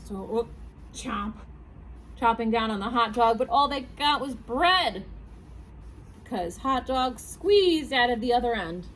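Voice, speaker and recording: A woman, a children's librarian, reading picture books aloud at a storytime, animated and asking her young listeners questions. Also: a little high, measured pace, a little hiss or hum, low-quality recording.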